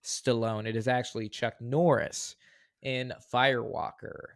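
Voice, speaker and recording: A man's voice: mid-range voice, fairly even intonation, unhurried. A man hosting a casual pop culture quiz on a podcast, upbeat and encouraging. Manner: upbeat, encouraging, reads quotes in a loud acted voice. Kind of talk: casual chat.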